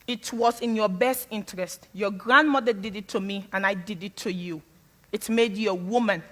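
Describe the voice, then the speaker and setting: A woman's voice: medium pitch, normal speed, natural voice. A woman quoting her blunt, traditional older mother in a matter-of-fact, certain tone. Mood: firm.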